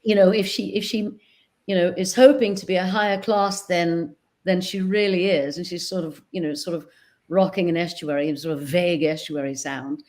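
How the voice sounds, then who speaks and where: A woman dialect coach talking in a casual interview, earnest and animated as she tells stories, over a video call mic. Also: lowish voice, moderate pace. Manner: animated, earnest storyteller with sudden bursts of laughter. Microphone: video call microphone.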